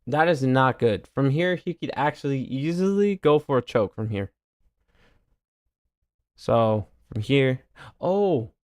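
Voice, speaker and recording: A male streamer talks through replays of his own grappling matches in a mid-range voice, recorded dry and close. He walks through each move patiently, mutters his asides, and flares up loud and exasperated when he recounts a chance he missed. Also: animated, a little slow, long pauses, clean tone, dry recording. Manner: explains techniques step by step, turns loud and heated over his own mistakes; drops to a low mutter on asides. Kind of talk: casual commentary reviewing his own match footage.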